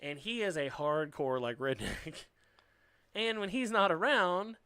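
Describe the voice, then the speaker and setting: Brief: male comedian, bright crisp tone, dry close sound, blunt and swearing in casual chat. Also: fairly high pitch, unhurried, dry recording. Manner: animated, profane, blunt opinions, mimics voices.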